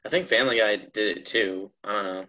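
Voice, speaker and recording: A young man co-hosting a podcast, chatting casually and trading sarcastic deadpan jokes. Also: lowish voice, fairly quick, highs cut off. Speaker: podcast co-host. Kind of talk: casual chat.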